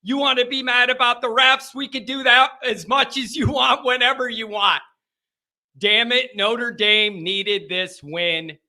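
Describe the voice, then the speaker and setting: Call-in show host, man, high bright voice, repeats himself with feeling. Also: fairly even intonation, a little slow. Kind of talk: postgame call-in show talk.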